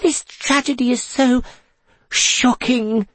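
A man reading a story aloud and voicing a scheming young woman who gushes with false concern in a low, breathy voice. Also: fairly even intonation, slow pace, a bit bright, dry recording, exaggerated voice. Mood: syrupy, gleeful. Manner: gushing, syrupy, mock-sympathetic.

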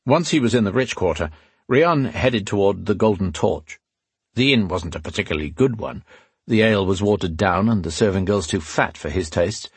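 Low, husky male audiobook narrator. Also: dry recording. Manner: steady, even storytelling.

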